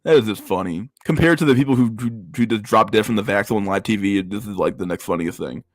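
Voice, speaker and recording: A man's voice: on the low side, fast, no echo. A man hosting a casual livestream, reacting to memes with crude slang-heavy banter. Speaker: livestream host.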